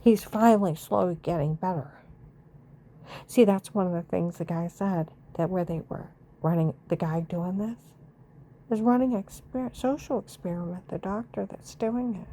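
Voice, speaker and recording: A woman's voice: mid-range voice, normal speed, mellow. A woman from the United States in an angry, rambling monologue, swearing and repeating her accusations.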